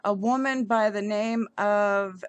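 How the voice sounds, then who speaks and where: Woman vlogger, indignant, slow deliberate delivery, dry close sound, trips over words. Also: mid-range voice, fairly even intonation, smooth, dry recording. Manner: heated, stumbling over words. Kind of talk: indignant commentary reading an article aloud.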